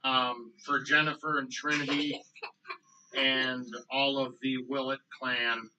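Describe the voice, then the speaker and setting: A man co-hosting a casual podcast chat, choking up and pausing often with ums. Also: mid-range voice, level tone, bright, forceful tone, distant mic, a little hiss or hum, poor audio. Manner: choked up, halting with many ums. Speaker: podcast co-host.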